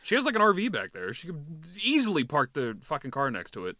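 A man's voice: on the high side, wildly swooping pitch, quick pace, few pauses, bright, forceful tone, dry recording. A man co-hosting a podcast, telling a story in a casual, profane, fired-up rant. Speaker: podcast co-host.

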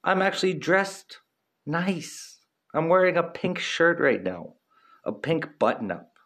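A man's voice: a little high, big pitch swings, unhurried, a bit bright. A man in his thirties hosting a podcast, rambling casually in a laid-back, profane, slangy way with frequent laughs. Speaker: podcast host.

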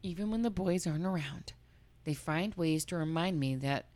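A woman with a low-pitched, slightly mellow voice co-hosts a podcast at normal speed. She reads a listener's story aloud and chats in a casual, comedic way, frank, laughing, and swearing a lot.

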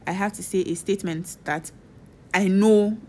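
A woman's voice: medium pitch, fairly even intonation, moderate pace, a little mellow. A woman co-hosting a casual podcast, teasing and arguing with her co-host and laughing often. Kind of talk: casual banter.

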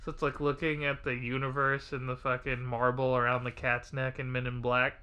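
A man's voice: medium pitch, monotone, brisk, sharp tone, clear, resonant tone, dull audio. A tired man co-hosting a podcast in casual chat, laid-back, laughing and swearing. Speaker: podcast co-host.

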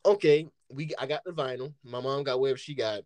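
A man's voice: medium pitch, brisk, no room sound. A man telling a casual story, rambling with constant filler words and acting out the lines he quotes. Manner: rambling, heavy use of "like" fillers; animated, acts out quoted lines.

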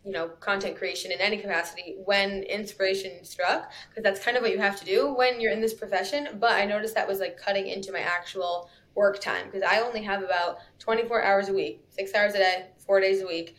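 A young adult woman in a casual podcast interview, chatty and quick, full of asides. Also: medium pitch, fairly even intonation, fairly bright tone. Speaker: guest copywriter.

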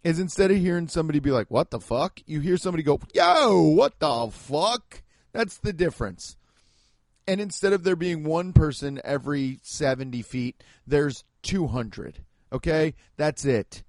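A man from the American Midwest rambles through a casual monologue, sarcastic and quick to swear. His voice sits a little high for a man. The sound is dry and close, with no room around it. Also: a little mellow, no room sound. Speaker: podcast host and stand-up comedian.

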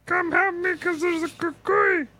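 A man putting on a shrill, panicked male voice that screeches and drags out the words in a podcast story. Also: fairly even intonation, a little slow, bright, forceful tone, heavily acted. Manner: screeching, drawn out.

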